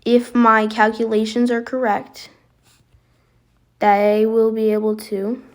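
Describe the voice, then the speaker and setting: A woman giving casual, excitable commentary while playing a basketball video game, reacting aloud as she goes. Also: a little high, slow. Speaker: gaming video creator.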